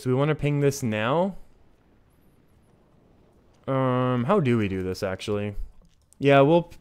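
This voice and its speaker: The voice is male, medium in pitch, with a darkish, clear and resonant tone and a Canadian accent. While streaming a card game he chats casually with his viewers, regularly chuckling at himself and reworking sentences mid-stream.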